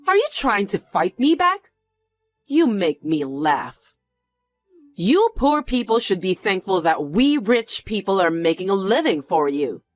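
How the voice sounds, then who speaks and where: A woman's voice: medium pitch, very animated, a little slow, no echo, soft background music. A woman voicing a snobbish, mocking wealthy woman who talks down to others in a drama. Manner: condescending, taunting.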